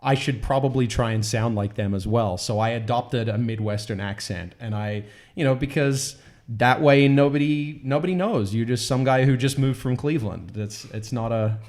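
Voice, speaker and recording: A man's voice: mid-range voice, normal speed, a little mellow. A man from Australia with an Australian accent, a comedian guest telling a story in a casual panel discussion, rambling and self-deprecating.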